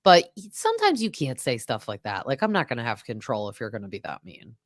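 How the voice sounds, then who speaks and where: A woman's voice: a bass voice, huge pitch swings, fast talker, dry recording, clean studio sound. A woman hosting a podcast, chatting casually and animatedly as she recaps a reality show and acts out quotes. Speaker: podcast host.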